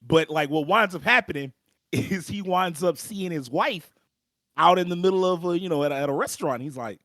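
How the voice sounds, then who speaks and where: A young man on a podcast walks his co-hosts through an anime plot in loose, slangy storytelling, pausing often to clear his throat. His voice sits a touch higher than most men's. The close mic sounds dry, with no room echo. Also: fairly bright tone. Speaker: podcast co-host. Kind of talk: casual anime recap chat.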